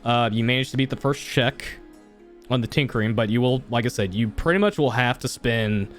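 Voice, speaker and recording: A man's voice: mid-range voice, brisk, faint music behind. A young man running a tabletop game as game master, talking casually with many fillers and restarts.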